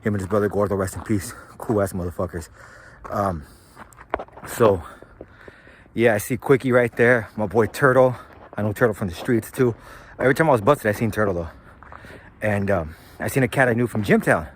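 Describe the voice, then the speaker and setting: A man's voice: lowish voice, moderate pace, long pauses, a little hiss or hum. A man telling a story from his own life in a loose, slangy, profane way. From San Gabriel Valley, California. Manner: laid-back, slangy and profane, loose rambling delivery. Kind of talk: casual storytelling monologue.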